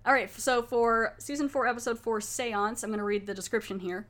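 A woman's voice: fairly high pitch, a little fast, fairly bright tone. A woman hosting a podcast, talking in a chatty, rambling way and laughing often. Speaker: podcast host. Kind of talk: casual chat.

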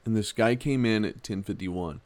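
Low-voiced man hosting a devotional podcast. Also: normal speed, no echo, studio quality. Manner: conversational, self-mocking storytelling; earnest, gently exhorting. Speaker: podcast Bible teacher. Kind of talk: casual devotional podcast talk.

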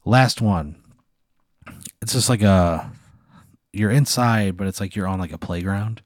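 With a lowish voice at a moderate pace, the podcast host works through a long, meandering hypothetical, leaning on "like" and tossing in casual swears. The studio-quality recording has no room sound, and the chat is casual storytelling.

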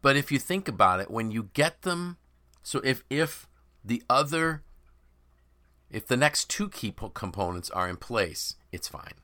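Bright, emphatic male podcast host. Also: mid-range voice, measured pace. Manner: emphatic, animated speaker who quotes imagined people. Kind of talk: conversational podcast discussion.

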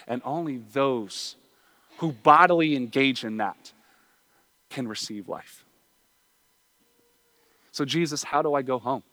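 A man preaching a sermon, earnest, moving between quiet, low passages and raised, pleading appeals. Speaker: pastor.

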